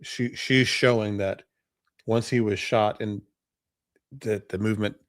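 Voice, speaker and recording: A man co-hosting a casual livestream, calmly explaining court evidence and chatting. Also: on the low side, a little slow. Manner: relaxed, explains court evidence in plain terms. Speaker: livestream co-host. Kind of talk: casual livestream chat commentary.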